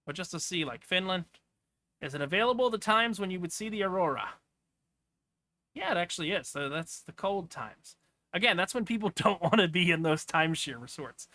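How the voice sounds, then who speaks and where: A man's voice: sits high, expressive, fairly quick, pushed and bright, dry recording. A man giving casual, off-the-cuff commentary as he clicks through travel listings, rambling with asides. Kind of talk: casual screen-share commentary.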